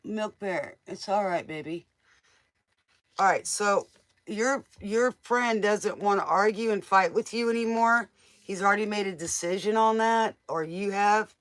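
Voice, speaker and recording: A woman's voice: medium pitch, measured pace, fairly bright tone. A woman giving casual, motherly tarot readings to viewers on a live stream. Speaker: tarot reader.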